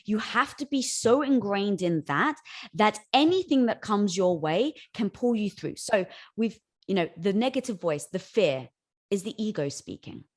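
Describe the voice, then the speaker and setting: A woman's voice: mid-range voice, lively intonation, a little slow. A woman guest on a podcast speaking in an encouraging, affirming way, addressing the host as "girl". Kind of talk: candid conversation.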